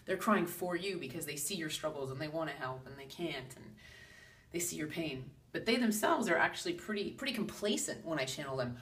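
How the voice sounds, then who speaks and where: A woman with a low voice gives a chatty, animated spiritual talk as a medium. She acts out the voices she quotes. Her voice sits a little distant from the microphone. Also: fairly quick. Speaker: psychic medium. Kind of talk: casual spiritual talk to camera.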